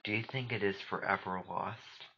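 A man reading the part of a weak, gentle, grieving traveler, speaking softly and wearily on a dull lo-fi recording. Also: lowish voice, steady tone, normal speed, vocal fry. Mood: weary. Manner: soft, weary and gentle. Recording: dull lo-fi recording, faint noise.

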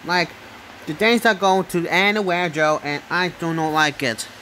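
High, bright-voiced man ranting angrily. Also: unhurried, slight background noise. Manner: angry, repetitive ranting with bursts of yelling. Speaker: vlogger. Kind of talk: angry vlog rant.

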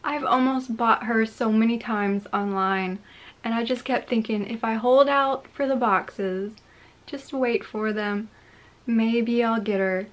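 Excitable woman with a higher voice. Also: slow. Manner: gushing, excitable. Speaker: collector vlogger. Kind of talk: casual unboxing vlog.

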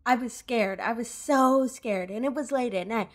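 A woman's voice: fairly high pitch, normal speed, close to an everyday voice. A woman voicing a tearful, robbed female shopkeeper in a game, with a put-on Southern accent and a plaintive, dramatic manner. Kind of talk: live dub of game dialogue.

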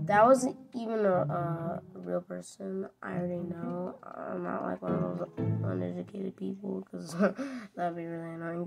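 A woman's voice: fairly low pitch, gravelly, darkish tone. A woman giving casual, giggly and teasing commentary while she plays a game. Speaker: gamer. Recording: background music under the voice. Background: music.

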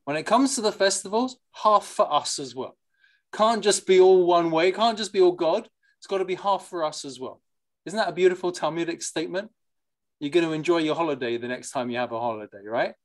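A lively, digressive class teacher reads texts aloud and unpacks them in an informal lecture. The voice sits at a middling pitch and keeps turning to the listeners with questions, with Yiddish and Hebrew words mixed into the talk. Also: brisk. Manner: mixes in Yiddish and Hebrew terms. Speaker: teacher leading a study class.

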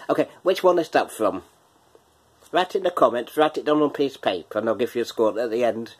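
A man's voice: mid-range voice, lively intonation, fast, slightly rough. A man hosting a casual quiz from his kitchen, chatty, laughing often and breaking into bits of song. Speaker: quiz host. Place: home kitchen.

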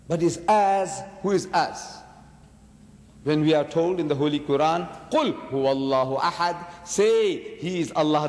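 A man giving an emphatic religious debate lecture to an audience, full of rhetorical questions and big swings in pitch, slowing down to stress his points. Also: a little mellow. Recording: reverberant hall recording.

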